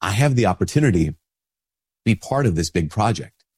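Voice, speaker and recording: Priest, low husky voice, stuffed up from a cold, chatty and informal. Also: male voice, expressive, fairly quick, a little mellow. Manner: conversational, informal, with many restarts and "like". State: sick with a stuffy nose. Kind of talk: casual spoken reflection.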